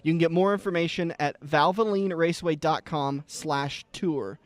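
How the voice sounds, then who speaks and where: A man's voice: fairly high pitch, moderate pace, no echo. A man from the American Midwest hosting a racing radio show, joking with a guest and plugging an event. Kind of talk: casual interview chat.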